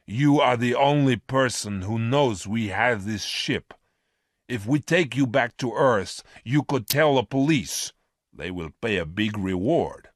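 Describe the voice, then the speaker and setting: A man's voice: mid-range voice, lively intonation, a little slow, no echo, clean studio sound, voice pushed up. A man voicing a ruthless male space criminal leader in a storybook reading, with a hard, scheming manner. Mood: harsh.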